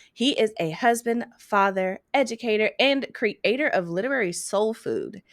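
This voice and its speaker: A woman's voice: medium pitch, a bit bright, no room sound. Woman podcast host, upbeat, dry close mic. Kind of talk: podcast interview.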